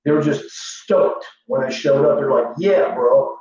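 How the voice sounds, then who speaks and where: A man's voice: mid-range voice, little pitch movement, normal speed, a little mellow. A man rambling in a boastful, profane, meandering casual monologue as a livestream host. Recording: echoey lo-fi room from far off with faint hum.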